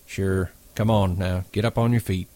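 A man's voice: sits low, fairly even intonation, moderate pace, warm tone, no echo, lightly acted. A man reading aloud and voicing a wary, protective ranch worker who speaks curtly and coldly. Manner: curt, cold.

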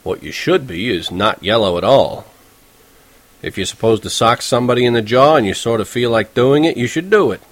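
A man's voice: mid-range voice, animated, brisk, no room sound. A man narrating a novel in the first person, in a conversational, wry and self-deprecating way. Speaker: audiobook narrator.

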